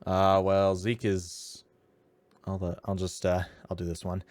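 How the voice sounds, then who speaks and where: A man's voice: sits low, completely flat delivery, unhurried, noisy background. A man co-hosting a casual game playthrough, joking and doing voices for the game's dialogue. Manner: jokey, loud bursts when acting out lines. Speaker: let's play co-host. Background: game music.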